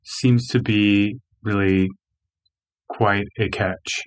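A man co-hosting a casual podcast in a fairly low voice. He talks in a measured way and offers his opinions, softening them with "I mean" and "like.". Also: fairly even intonation. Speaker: podcast co-host. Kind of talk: casual recap chat.

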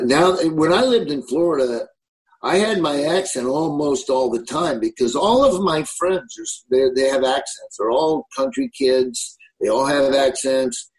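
A man's voice: mid-range voice, darkish tone, poor audio. A man in his sixties with a Southern US accent, a comedian telling rambling stories in a casual interview. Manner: easygoing, rambling storyteller. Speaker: comedian guest.

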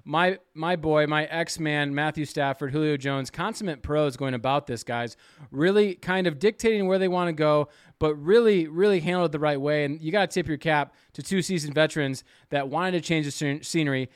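A man with a high voice co-hosts a casual sports podcast and rants with animated energy. His mic is close and dry, with no room sound at all. He leans into mock-announcer build-ups. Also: moderate pace, clear, resonant tone, dry recording. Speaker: podcast co-host, media reviewer.

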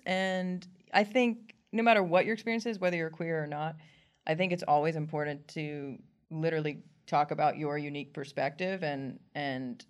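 A woman comedian chats in an interview with a slightly low voice. She talks animatedly, laughs often and slips into quick acted-out quotes as she tells her stories. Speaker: comedian guest. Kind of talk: casual interview chat.

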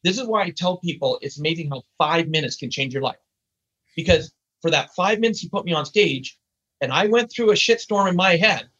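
Older guy with a high husky voice, blunt and punchy, kinda muffled audio. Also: fairly quick. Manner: emphatic, blunt, energetic. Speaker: guest speaker and trainer. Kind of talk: animated storytelling interview.

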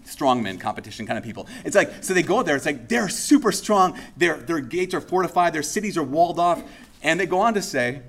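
Higher-voiced man preaching casually. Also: animated, a little fast, creaky, a bit bright. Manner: casual, conversational preaching that acts out quoted speech. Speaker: pastor. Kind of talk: sermon.

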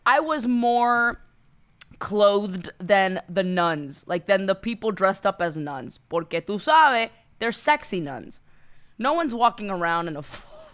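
A woman's voice: medium pitch, a bit bright, clear, resonant tone. A woman, chatting and laughing as a podcast co-host. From Miami. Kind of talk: casual chat.

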